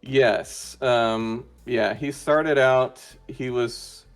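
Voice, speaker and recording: A man's voice: medium pitch, steady tone, very slow, clear, resonant tone, faint music behind. A man being interviewed as a guest in casual chat, talking hesitantly with many fillers and restarts. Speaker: interview guest, roleplay player.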